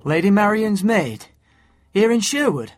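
A man's voice: medium pitch, a little fast, dry recording, clean studio sound, soft background music, close to an everyday voice. A man voicing Will, a worried young male outlaw, in a raised, urgent voice in a storybook reading.

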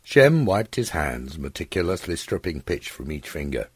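Deep-voiced male storyteller, husky and expressive; dry, close studio read. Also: normal speed, no room sound. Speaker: audiobook narrator. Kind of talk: scripted narration.

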